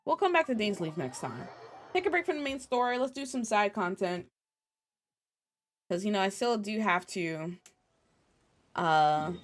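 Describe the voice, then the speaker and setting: A woman streamer giving chatty, excitable gameplay commentary and talking to her viewers. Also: mid-range voice, unhurried, pauses often, soft background music.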